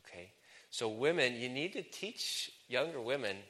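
A male preacher with a bright, forceful tone delivers a lively sermon. He jokes with the congregation and swings his pitch and loudness widely for emphasis. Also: moderate pace, long reverb tail. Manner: animated and joking, with wide swings in pitch and loudness.

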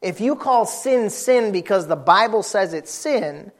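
A man preaching a sermon, telling a personal story in an animated, folksy, emphatic way. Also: sits high, unhurried.

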